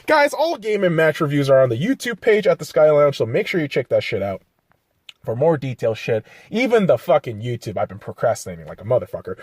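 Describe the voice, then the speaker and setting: A man's voice: a little high, huge pitch swings, a little fast, no echo, clean studio sound. A man hosting a solo podcast, ranting profanely and criticizing himself between blunt pep-talk asides. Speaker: podcast host.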